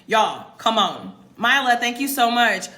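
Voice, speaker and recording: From her home in Mexico, a woman from the United States in her twenties or thirties livestreams as an expat content creator, addressing viewers directly in an emphatic, casual chat. Her fairly high, sharp-toned voice is very animated yet unhurried, captured on a phone microphone.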